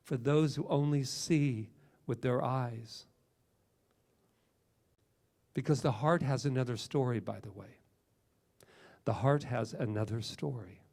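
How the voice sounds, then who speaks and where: Middle-aged male minister, gravelly, animated emphatic preacher. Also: mid-range voice, slow pace, pauses often. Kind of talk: sermon.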